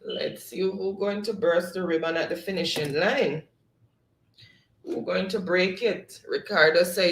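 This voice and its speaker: A man hosts a quiz stream, reading out the players' chat answers and laughing along. His voice sits high and he takes his time. The room around him is noticeably echoey. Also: unhurried, fairly bright tone. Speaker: game show host. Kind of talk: live-stream quiz hosting.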